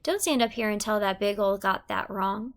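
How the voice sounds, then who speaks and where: A woman doing flattering joker Charlie. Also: medium pitch, moderate pace, close to an everyday voice. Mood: teasing. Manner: exclaiming, joking flattery in dialect. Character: flattering man teasing a young woman.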